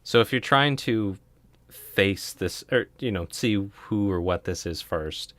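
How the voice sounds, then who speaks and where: A man with a very low voice narrates a tabletop game as its dungeon master. He describes the scene in a relaxed, hesitant way, leaning on fillers. The sound is dry and close. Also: takes it slowly, dry recording.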